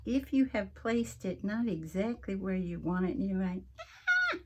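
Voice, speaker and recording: A woman's voice: mid-range voice, normal speed, noisy background. A woman hosting a casual craft tutorial, chatting and rambling as she works, often interrupting herself. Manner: mentions her accent coming and going. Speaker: craft video host.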